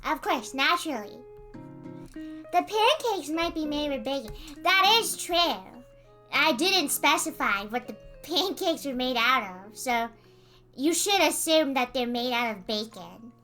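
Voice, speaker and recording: A young adult woman streamer chatting casually with her chat in an animated, exasperated way, breaking into laughing outbursts. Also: high voice, a little slow, soft background music.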